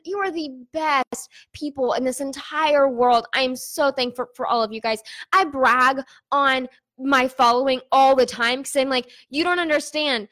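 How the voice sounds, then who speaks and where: A woman's voice: sits high, pushed and bright. A young woman business owner giving an emotional, candid, chatty vlog update, talking to her viewers like friends. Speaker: online business owner giving an income report. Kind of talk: casual to-camera vlog talk.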